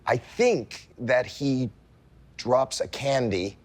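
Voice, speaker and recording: Speaking slowly, a man in his sixties who is a celebrity guest recounts a story in a relaxed chat. He has lively comic timing and breaks into high-pitched yelps as he plays out the scenes.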